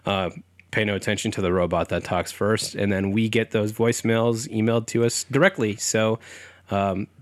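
A man's voice: lowish voice, steady tone, normal speed, no echo, clean studio sound. A young man co-hosting a comedy podcast in casual chat, loose and joking, laughing often, his voice slightly sick. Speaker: podcast co-host.

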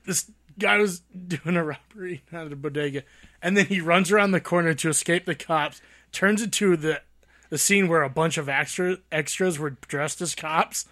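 A man's voice: on the high side, moderate pace, sharp tone. A man in a casual movie chat, rambling with many hesitations.

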